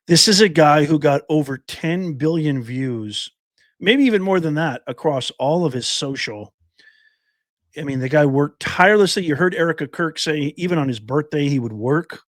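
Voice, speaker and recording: A man's voice: a little high, animated, moderate pace, no echo. An older man hosting a livestream, thanking viewers by name in an earnest, emotional way and getting choked up. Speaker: livestream host. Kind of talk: casual livestream sign-off.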